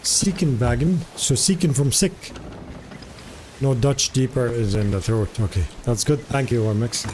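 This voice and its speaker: A man's voice: medium pitch, a little slow, darkish tone, a little hiss or hum. A man streaming live in casual chat, curious and talkative, repeating foreign words aloud to practice them.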